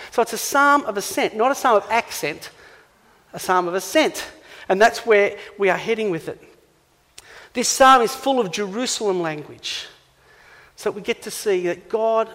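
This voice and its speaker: An Australian man preaching a sermon, animated and playful, acting out little scenes. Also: sits high, long reverb tail. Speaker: pastor.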